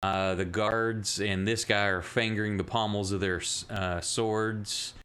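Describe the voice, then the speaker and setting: Laid-back game master. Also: male voice, lowish voice, little pitch movement, a little slow, fairly bright tone, smooth. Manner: loose, chatty, with filler words. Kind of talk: narrating a tabletop game.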